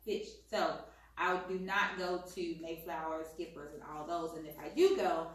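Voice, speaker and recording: A soft-spoken woman, calmly asking questions in a casual chat with her partner. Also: on the low side, moderate pace. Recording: echoey room, distant mic.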